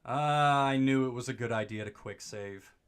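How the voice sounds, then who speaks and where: A man's voice: normal speed, clean tone. Goofy young man streaming a game. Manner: goofy, rambling, jumps to excited high exclamations. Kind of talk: let's play commentary.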